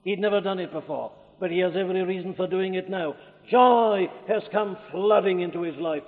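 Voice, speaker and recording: A man with a Welsh accent preaching a sermon fervently, rising at times to loud declamation. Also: sits high, brisk, hardly any pauses, in a large hall, narrow, tinny audio.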